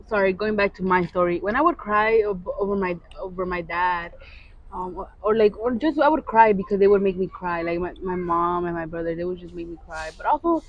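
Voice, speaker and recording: A woman co-hosting a podcast, telling a personal story in casual confessional chat, halting with many restarts. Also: medium pitch, dull audio. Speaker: podcast co-host.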